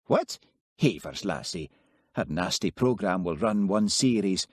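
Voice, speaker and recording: A man doing a skeptical Highland policeman. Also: expressive, measured pace, no echo. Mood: exasperated. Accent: Scottish Highland. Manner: dry, mocking, exasperated.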